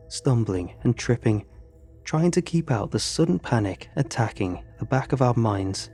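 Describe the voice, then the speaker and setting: A man's voice: mid-range voice, expressive, a little slow, warm tone, husky, faint music behind. A man narrating a first-person horror story in an earnest, tense way.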